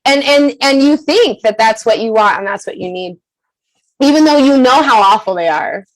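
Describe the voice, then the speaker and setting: A woman guest on a podcast, talking candidly in an animated, profane, emphatic way and laughing often. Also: a little high, normal speed, rough recording.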